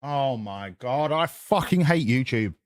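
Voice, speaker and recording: Brief: streamer, sarcastic and sweary, lively ups and downs, dry close sound. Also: male voice, medium pitch, a little slow, no room sound. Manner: sweary, sarcastic, rambling, reads chat aloud. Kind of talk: casual live-stream chat.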